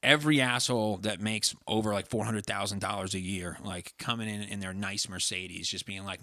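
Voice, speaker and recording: A man's voice: lowish voice, moderate pace, hardly any pauses, sharp tone, no room sound, studio quality. A young man telling a story in a casual chat, sarcastic and profane. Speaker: podcast co-host.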